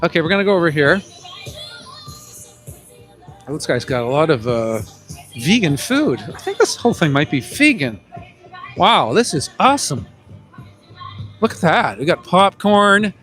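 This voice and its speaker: Male activist streamer, projecting outdoor voice, high and bright, light music in the background. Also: big pitch swings, unhurried, pauses often. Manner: calls out to passers-by, loud projecting voice. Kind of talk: outdoor live stream commentary. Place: outdoors in a busy public plaza. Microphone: handheld phone mic. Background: music from outdoor speakers.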